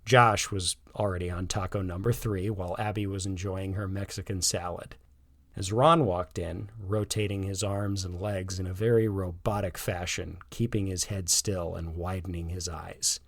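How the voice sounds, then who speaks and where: A man narrating a scripted story in a calm, even manner. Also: low voice, normal speed, no room sound.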